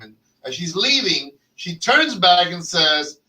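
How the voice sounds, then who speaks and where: Male host, high-ish bright voice, lively raconteur, mic a bit far off. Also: unhurried, hardly any pauses. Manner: animated, swears freely, acts out quotes. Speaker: podcast host. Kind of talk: casual storytelling chat. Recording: distant mic with faint noise.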